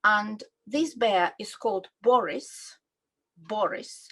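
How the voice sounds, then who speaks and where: A woman from Russia with a Russian accent, a children's book author presenting her story's toy characters in a gentle, simple way and asking her listeners questions. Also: medium pitch, slow, rough recording.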